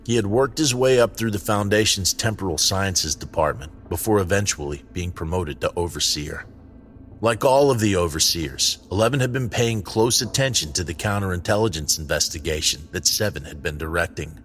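A man reading scripted story narration in a measured, even way. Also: sits low, faint music behind.

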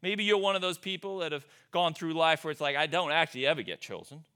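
A man preaching a sermon as a pastor, telling stories in an animated, conversational way. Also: a little high, fast, clear, resonant tone.

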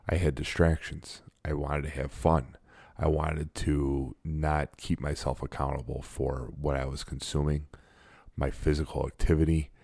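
Very deep gravelly man in his forties. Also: flat delivery, a little slow, a little mellow, no echo, studio quality. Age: 40s. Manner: blunt and emphatic, self-described sarcastic. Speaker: interview guest. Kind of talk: casual interview talk.

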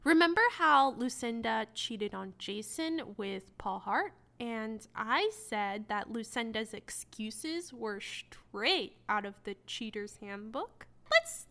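A woman hosting a book review show, talking casually with heavy sarcasm and animated asides. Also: on the high side, gravelly. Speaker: book review podcast host.

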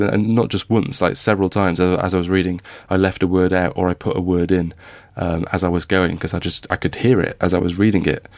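A man's voice: low-pitched, vocal fry, dry recording. A man co-hosting a podcast about writing, talking casually with many restarts and fillers. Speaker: podcast co-host, novelist.

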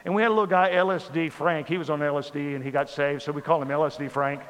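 A man telling a funny personal story from the pulpit in a sermon, animated and comic. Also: fairly high pitch, quick pace, slight background noise. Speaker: pastor. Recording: reverberant hall with faint ambience.

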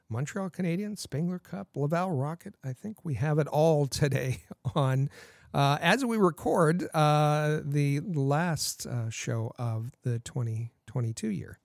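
Higher-voiced man co-hosting a sports podcast. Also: gravelly, no room sound, clean studio sound. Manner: hesitant, repeats words, many fillers. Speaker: podcast co-host. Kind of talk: casual sports podcast chat.

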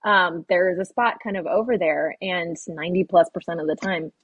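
A woman's voice: on the low side, a little fast, husky, no room sound, narrow, tinny audio. A woman on a podcast as a guest, earnestly explaining ideas and acting out inner voices in a casual conversational way. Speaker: podcast guest, intuition teacher.

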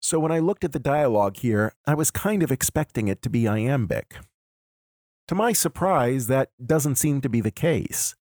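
A man hosting a podcast, giving a measured, analytical lecture. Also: mid-range voice, animated, darkish tone, no room sound, clean studio sound. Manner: measured, explanatory. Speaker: podcast host.

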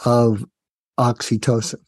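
A man, a psychiatrist guest, telling a story in a lively, engaging way and speaking directly to the host. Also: medium pitch, slow, dry recording, studio quality. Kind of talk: conversational storytelling.

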